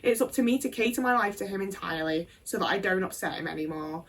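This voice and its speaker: A woman's voice: medium pitch, expressive, fast, recorded from a distance, a little hiss or hum. A woman telling a candid personal story, blunt and sweary. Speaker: video creator.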